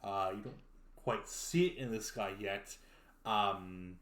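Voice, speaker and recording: A man's voice: on the low side, slow pace, a bit bright, reverberant, a little hiss or hum. A man narrating as game master in a tabletop game, laid-back and loose, with lots of ums.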